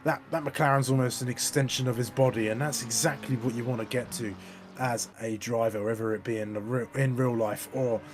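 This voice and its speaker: A man's voice: medium pitch, steady tone, brisk, over music. A man as co-commentator on a sim race, giving loose analysis with many restarts. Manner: rambling analyst talk with hesitant restarts.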